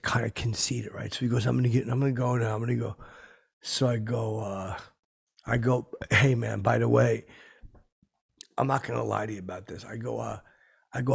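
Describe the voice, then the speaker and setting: A rough, gravelly, very raspy voice carries this washed-up middle-aged comic, as a man puts him on in a podcast monologue. He rambles in loose, tactless asides. His boasting keeps tipping over into sentiment. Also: medium pitch, fairly bright tone, exaggerated voice. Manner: rambling, rough-spoken, tactless, lurching between bravado and sentiment. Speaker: podcast host.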